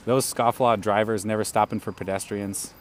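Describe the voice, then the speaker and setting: A man's voice: on the low side, steady tone, normal speed, slight background noise. A man chatting casually on a live stream while riding a bike outdoors, laughing often and greeting viewers. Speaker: bike livestreamer. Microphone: camera rig on the bike.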